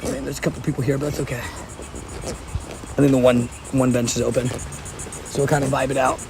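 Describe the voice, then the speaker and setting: A man's voice: mid-range voice, level tone, moderate pace, creaky. A man live-streaming outdoors, chatting casually with his viewers and laughing often. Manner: laughs often, talks to chat. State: sweaty and hot. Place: outdoors at a park by water. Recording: faint outdoor background noise.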